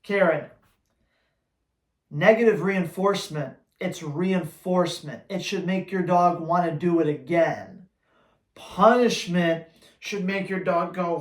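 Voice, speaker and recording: A man's voice: sits high, animated, slow, reverberant. A man who trains dogs, answering viewer questions in a blunt, teasing, emphatic way. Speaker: dog trainer.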